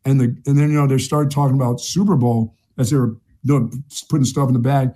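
Mellow-voiced chatty man telling a story. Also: mid-range voice, fairly even intonation, brisk, breathy edge. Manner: chatty storyteller, repeats himself, laughs at his own tale. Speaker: sports talk show co-host. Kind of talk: casual sports chat, storytelling.

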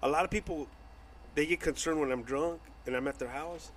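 A man hosting a casual podcast, cracking crude jokes and quick interjections. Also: fairly high pitch, slight background noise. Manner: quick joking interjections, profane.

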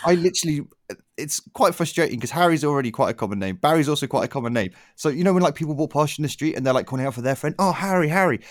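Young male co-host, lively and loose, laughs easily, dry studio sound. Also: on the high side, very fast, dry recording. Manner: animated, laughing, swears casually. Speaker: podcast co-host. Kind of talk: casual chat.

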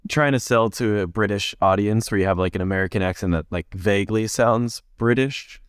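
A man with a fairly low voice chats on a podcast, spinning animated stories and laughing along the way. His voice is recorded dry and close, with no room sound around it. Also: brisk, clean tone, dry recording. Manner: animated storyteller who laughs often. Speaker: podcast co-host. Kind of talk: casual chat.

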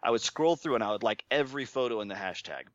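A man being interviewed, telling his story in a relaxed, self-deprecating way and chuckling often. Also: mid-range voice, fast talker, no room sound, dull audio. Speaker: interview guest.

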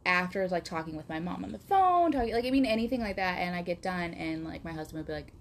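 A woman's voice: lowish voice, lively intonation, fast talker, a little hiss or hum. A woman from Wisconsin with a Wisconsin accent, co-hosting a podcast in a chatty, rambling way with lots of fillers and giggles. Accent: Wisconsin, upper Midwest US. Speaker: podcast co-host. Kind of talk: casual podcast chat.

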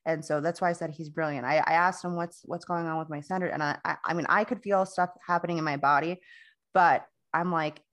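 Low-voiced woman telling a rambling story. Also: fairly even intonation, brisk, a bit bright. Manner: rambling storyteller, many restarts and quoted dialogue. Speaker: podcast co-host. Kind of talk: casual chat.

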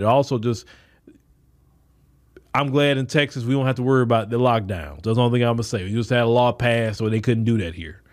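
A man hosting a podcast, delivering a blunt, emphatic solo commentary that restarts and repeats words as he pushes his points. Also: mid-range voice. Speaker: podcast host. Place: Texas.

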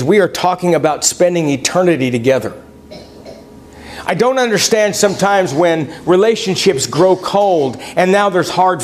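Man, high-pitched voice, folksy church sermon, talks to the congregation directly, reads old-style scripture. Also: darkish tone. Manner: folksy, conversational, quotes scripture in King James wording. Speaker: preacher.

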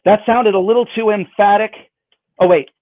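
A man's voice: sits high, steady tone, moderate pace, dry recording. A man performing magic for someone over a video call, with playful, self-mocking patter. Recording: dry, phone-like band.

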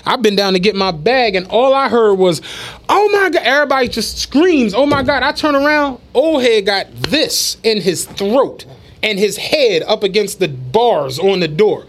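A man co-hosting a podcast, telling a story in animated, slangy casual chat. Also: high-pitched, normal speed. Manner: animated, slangy storyteller who acts out quotes. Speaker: podcast co-host.

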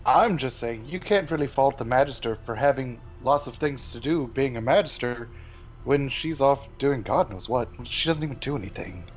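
A man's voice: medium pitch, animated, normal speed, soft background music. Wry man player, dull lo-fi sound. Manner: wry, joking. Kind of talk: casual chat.

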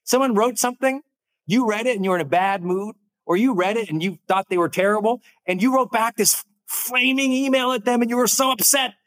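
A man hosting a motivational talk, speaking emphatically, slowing down to stress key points and acting out quoted voices. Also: a bit bright. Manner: acts out quoted voices in a higher pitch. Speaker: host.

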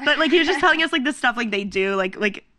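A young woman in casual chat, animated and dramatic in her reactions, full of "like". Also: fairly high pitch, quick pace, no echo, clean studio sound.

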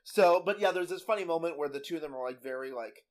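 A man's voice: fairly high pitch, fast, a little mellow. A young adult man co-hosting a podcast, chatting casually with frequent laughs, fillers and restarts. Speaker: podcast co-host. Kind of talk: casual chat recapping a TV baking show.

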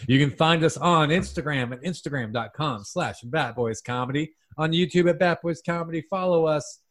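A man's voice: on the high side, normal speed, fairly bright tone. Playful man hosting a comedy podcast. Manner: playful, showy, hammy. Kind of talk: comedy podcast banter, doing mock accents.

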